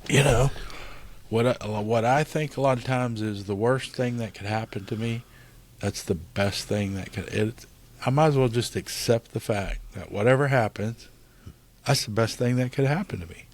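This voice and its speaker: At medium pitch and normal speed, a middle-aged podcast co-host shares casual, earnest thoughts on faith and recovery, his speech peppered with "you know."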